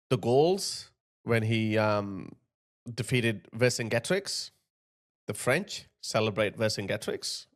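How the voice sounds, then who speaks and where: A man in his thirties hosting a reaction commentary, talking in a mocking way and putting on the voices of the people he describes. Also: medium pitch. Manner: mocking, puts on voices of others. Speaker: commentary host.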